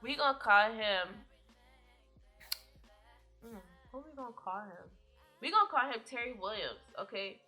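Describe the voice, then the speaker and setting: A woman's voice: fairly high pitch, expressive, unhurried, long pauses, pushed and bright, soft background music. A young woman vlogger telling a rambling story time in a casual, profane way, often laughing.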